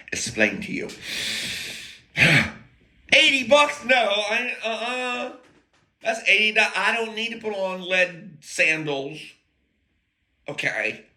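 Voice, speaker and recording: A man's voice: high-pitched, pushed and bright. An American man telling a rambling, profane story in a casual monologue, full of jokey asides and broken-off sentences. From United States.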